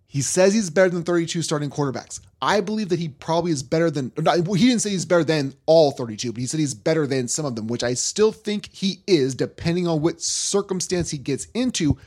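A man hosting a sports talk podcast, ranting in a worked-up, animated way. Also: high voice, breathy edge. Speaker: podcast host.

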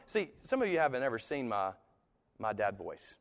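Animated male preacher in a reverberant hall. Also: mid-range voice, normal speed. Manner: animated, swinging from soft to loud with voice-acted quotes. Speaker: pastor. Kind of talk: sermon.

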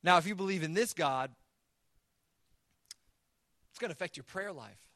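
A man's voice: sits high, normal speed, fairly bright tone, dry recording, clean studio sound. A man preaching a sermon as the pastor, earnest, often repeating words as he builds a point. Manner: acts out God's voice in quoted asides.

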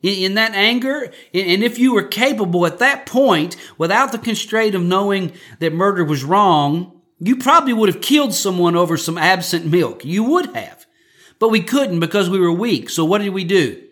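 A man's voice: sits high, animated, moderate pace, fairly bright tone. A man preaching a conversational sermon for a podcast, joking and often repeating words as he restarts his sentences. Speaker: pastor.

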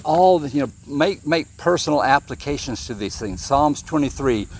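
A man's voice: fairly high pitch, lively intonation, normal speed, slightly rough. A man giving an informal sermon, reading scripture and asking his listeners questions, often repeating himself. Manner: conversational, questions the audience, repeats words. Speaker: preacher.

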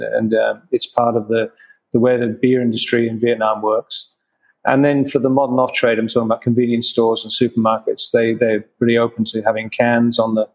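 A man's voice: mid-range voice, creaky, low-quality recording. A man in an interview, a craft brewer answering questions with many restarts and fillers.

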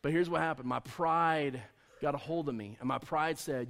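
A man preaching a sermon as a personal story, acting out conversations with lively swings in his voice. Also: fairly high pitch, moderate pace, creaky. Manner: animated storyteller, acts out dialogue. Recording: long hall reverb.

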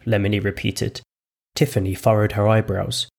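A man's voice: on the low side, moderate pace, slightly rough. A man reading his own short story aloud in a dry, understated way.

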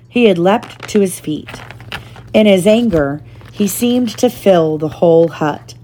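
A woman reading a chapter book aloud to her child in a steady, gentle narrating manner. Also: fairly low pitch, a little slow.

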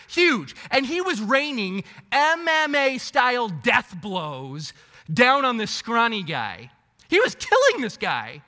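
A male pastor with a high, lively voice delivers a sermon, swinging from loud bursts to hushed asides. His tone is bright and forceful. The long reverb of a large hall hangs on every phrase. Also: slow.

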